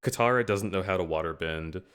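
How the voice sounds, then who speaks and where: A man on a casual stream, talking with animated sarcasm and heavy swearing. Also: low voice, brisk, clean tone. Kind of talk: casual chat.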